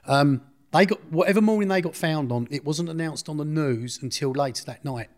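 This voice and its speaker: A man's voice: on the high side, a little fast. A middle-aged man, telling his story in an interview in a blunt, rambling way, often correcting himself. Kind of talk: casual storytelling.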